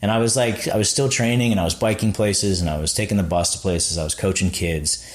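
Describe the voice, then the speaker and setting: A man's voice: on the low side, steady tone, brisk. A man, a podcast guest, telling his founding story casually and acting out the people he quotes, with many "like"s. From Florida.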